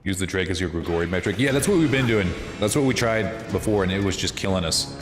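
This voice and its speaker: With music playing in the background, a low-voiced man talks fast as he streams a video game and chats with viewers. He's animated and swears freely, and his casual commentary rings out in a room with long reverb.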